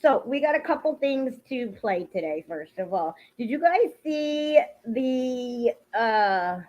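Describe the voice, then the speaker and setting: A woman streamer talks in a casual, blunt way, swearing freely as she chats with her viewers. Her voice sits a bit high. The sound is dull and lo-fi, like cheap stream audio. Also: lively intonation, takes it slowly, darkish tone. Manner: blunt, profane, greets chat viewers by name. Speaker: livestream host. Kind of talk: casual livestream chat.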